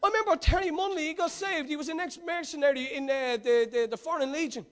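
Male preacher with a high voice, delivers a sermon that shifts from excited storytelling to a hushed, pressing call. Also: fast talker. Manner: swings from excited, laughing storytelling to hushed, urgent exhortation.

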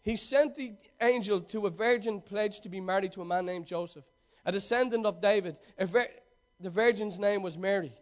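A man preaching a sermon, reading scripture aloud and then retelling it with swings between loud emphasis and quiet asides. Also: sits high, normal speed, hardly any pauses.

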